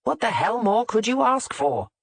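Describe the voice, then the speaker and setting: Whiny grumbling husband, narrator doing the voice, dry sound. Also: male voice, fairly high pitch, big pitch swings, unhurried, husky, no echo, exaggerated voice. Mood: angry. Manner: whining, growling. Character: whining, irritable husband.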